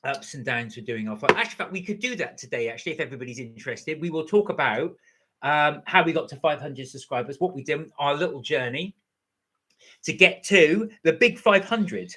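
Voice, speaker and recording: Bright, husky-voiced man co-hosting. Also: fairly high pitch, lively intonation, brisk. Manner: friendly, thanks viewers, teasing. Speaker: channel co-host. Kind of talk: casual live-stream chat.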